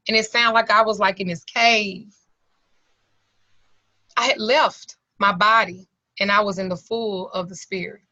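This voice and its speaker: Her voice is medium-pitched and steady with a sharp tone, and she speaks at a measured pace with long pauses. Nearly in tears, this middle-aged woman offers a candid, colloquial testimony in earnest storytelling while teaching an occult class on a video call, the slightly lo-fi audio carrying no echo.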